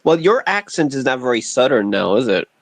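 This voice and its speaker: A man's voice: medium pitch, big pitch swings, fairly quick, dry recording. A man with an Irish accent making brief, offhand remarks in a casual group chat.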